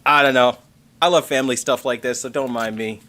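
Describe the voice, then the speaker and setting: Man, livestream host, casual chat, excitable, rambling, casual swearing. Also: medium pitch, fairly quick. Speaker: tech channel host reading member messages on a livestream.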